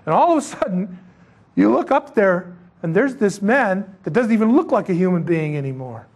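A man with a high voice delivers a sermon as vivid storytelling. He acts out the scenes he describes, pushing his voice up to emphatic peaks before dropping low again. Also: lively intonation, normal speed, husky. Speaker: preacher.

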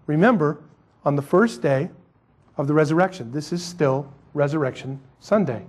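A male pastor preaching a sermon, swinging between loud emphatic lines and quiet asides. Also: a little high, husky.

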